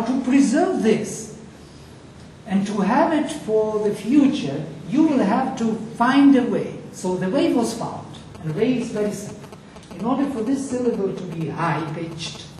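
In an echoey room picked up by a distant microphone, a slow, mellow male teacher with a high voice lectures on Sanskrit accent. There's a little hiss or hum. He explains patiently, puts questions to the class, and chants Sanskrit words slowly.

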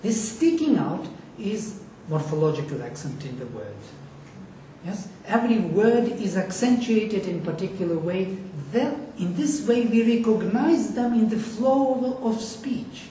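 Slow, mellow-voiced male lecturer. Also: high voice, expressive, a little hiss or hum. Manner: explanatory, asks the class questions; chants Sanskrit words slowly. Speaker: teacher. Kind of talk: lecture on Sanskrit accent. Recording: echoey room, distant mic.

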